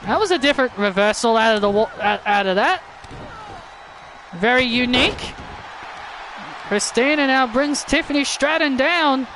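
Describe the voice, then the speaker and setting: A man calling a video game wrestling match as excited play-by-play commentary, often shouting and stumbling over his words. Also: very high voice, moderate pace, long pauses, slight background noise. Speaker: wrestling commentator and channel host.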